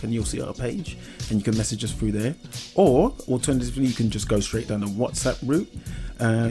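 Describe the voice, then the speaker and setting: Teasing man with lively pitch. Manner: playful, teasing, quick to laugh. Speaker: podcast co-host. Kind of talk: casual comedic chat.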